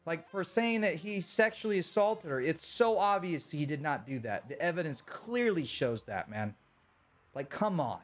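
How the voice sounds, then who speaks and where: A man on a live stream, talking in a slightly high voice with lots of emphasis and plenty of swearing. He keeps circling back to the same points in loose, casual speech. Soft music plays faintly behind him. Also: animated, moderate pace. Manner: emphatic, profane, repeats points.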